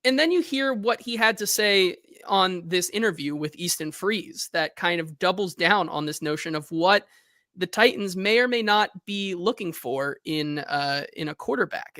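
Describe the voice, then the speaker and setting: A man's voice: high-pitched, sharp tone, dry recording, clean studio sound. A man hosting a sports podcast in casual chat, loose and talkative as he reads news aloud and reacts to it.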